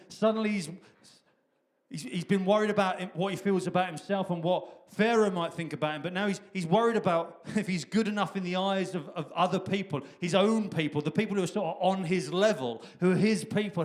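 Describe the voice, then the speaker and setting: A man preaching a sermon, retelling the scripture story in a lively, conversational way, acting out the dialogue and laughing often. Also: sits high. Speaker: pastor.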